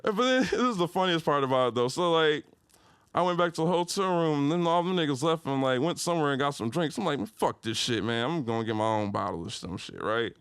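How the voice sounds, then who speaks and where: A young man from Detroit, a podcast guest telling a story in casual slang and jumping into loud, high-pitched retellings. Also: quick pace, clean tone, dry recording.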